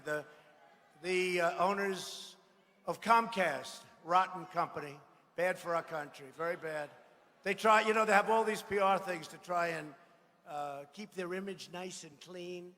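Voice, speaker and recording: A man giving a rally speech, boastful and mocking, repeating himself and bursting into shouts. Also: high voice, normal speed. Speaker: political speaker at a rally. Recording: echoey hall with faint ambience.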